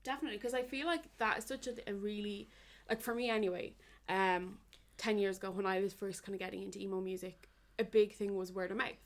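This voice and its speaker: A woman chatting casually as a podcast co-host, with plenty of "um"s and "you know"s. Her voice sits at a plain middle pitch. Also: fairly even intonation, quick pace. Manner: chatty, reminiscing with fillers. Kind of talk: casual chat.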